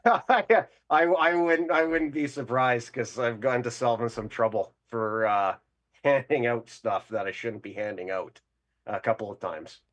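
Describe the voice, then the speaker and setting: A man's voice: mid-range voice, unhurried, a bit bright. Rambling Canadian man calling in. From Winnipeg, Canada. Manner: rambling, crude, boastful, laughing as he talks. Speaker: caller. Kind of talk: casual call-in storytelling.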